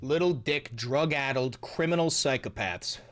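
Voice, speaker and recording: A man's voice: mid-range voice, unhurried, fairly bright tone. A man streaming live, giving sarcastic, profane commentary while reacting to posts and videos.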